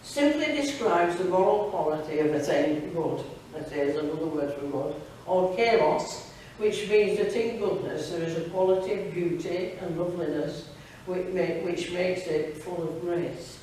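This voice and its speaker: A woman's voice: fairly low pitch, moderate pace, few pauses, dark tone, a little hiss or hum. A woman giving a devotional talk at a church fellowship evening, reading a story aloud with chatty asides to the audience. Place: church hall. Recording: very echoey hall, distant mic.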